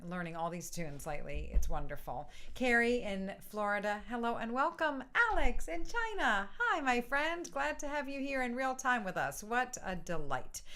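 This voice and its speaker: A woman's voice: medium pitch, bright, forceful tone, clean tone. A woman hosting a live online music session from home, cheerfully greeting viewers by name and laughing often. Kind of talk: casual live-stream greetings.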